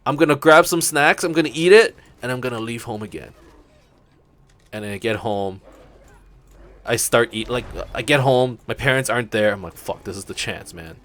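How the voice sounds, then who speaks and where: A man's voice: mid-range voice, moderate pace, pauses often, a bit bright, a little hiss or hum. A young man hosting a let's play, rambling through casual stories with frequent swearing. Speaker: gaming channel host.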